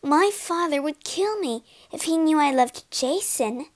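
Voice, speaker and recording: A woman's voice: high voice, animated, unhurried, voice pushed up. A woman voicing an anxious young princess. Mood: fearful. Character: young princess, worried, secretly in love. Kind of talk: storybook reading.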